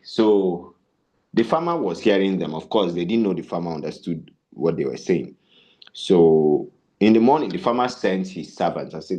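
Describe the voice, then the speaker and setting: Man, very low voice, mellow tone, animated storyteller, sales trainer. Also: moderate pace, highs cut off. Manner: animated, storytelling with rhetorical questions. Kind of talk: bootcamp lecture with storytelling.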